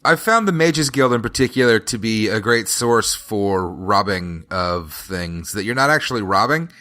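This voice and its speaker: A man's voice: lowish voice, expressive, moderate pace, pushed and bright. A man co-hosting a podcast in casual chat, wry and blunt. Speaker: podcast co-host.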